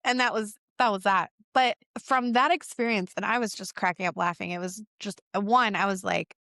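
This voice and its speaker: An animated woman co-host of a spiritual podcast who acts out what people said as she tells a story, at a middling pitch. Her voice is recorded close and dry, with no room sound. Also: a little fast, few pauses, dry recording. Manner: animated storyteller, acts out quotes, laughs often. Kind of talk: casual spiritual podcast chat.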